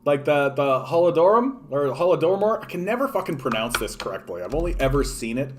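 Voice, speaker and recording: A man talking off the cuff on a stream, his voice sitting at an ordinary middle pitch. He rambles in a loose, profane way, leaning on "like" and stopping to answer chat. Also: quick pace, slight background noise. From Canada. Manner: profane, animated, filler-heavy, reacting to chat. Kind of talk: casual political rant.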